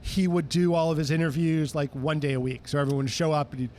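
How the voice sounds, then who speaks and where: A man telling stories as an interview guest, lively and acting out the voices of people he quotes. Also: fairly high pitch, fast talker, a little hiss or hum. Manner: animated, acts out quoted voices. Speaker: guest, music historian. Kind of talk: casual interview storytelling.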